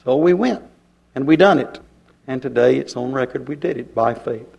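A man's voice: medium pitch, moderate pace, gravelly, darkish tone, muffled recording. A middle-aged man, preaching a folksy, emphatic sermon full of rhetorical questions.

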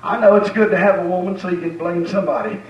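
A male preacher with a very high voice preaches in a folksy, rhythmic way, repeating his lines. The recording is dull and distant, with the roomy echo of a church hall. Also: fairly even intonation, fast. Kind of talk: sermon. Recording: echoey, dull sound from far off.

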